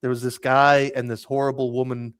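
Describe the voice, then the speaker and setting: A man's voice: medium pitch, level tone, fairly quick, a bit bright, clean tone, dry recording, studio quality. Rambling man telling a travel story. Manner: rambling storyteller, many restarts and "like"s. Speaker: podcast host. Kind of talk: casual chat.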